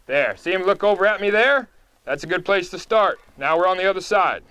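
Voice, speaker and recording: A man with a fairly high voice walks through a horse-training demo outdoors. He talks calmly and patiently, explaining each small step in a plain, unhurried way. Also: clear, resonant tone, dry recording. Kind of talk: live training demonstration.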